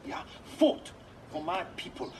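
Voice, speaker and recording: An actor playing an earnest male rugby coach in a TV drama, attempting a South African accent and tagging sentences with a drawn-out "ya". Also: close to an everyday voice. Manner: motivational, sentence-final "ya" tag. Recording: noisy TV clip audio.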